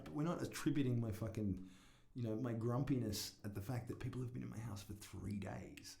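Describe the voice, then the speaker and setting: A man's voice: mid-range voice, brisk, gravelly, dark tone. Rambling, swearing man in an echoey room. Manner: swears constantly, rambling and self-mocking, laughs at own jokes. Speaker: vlogger. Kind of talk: casual rambling monologue to camera. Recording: echoey room with faint noise.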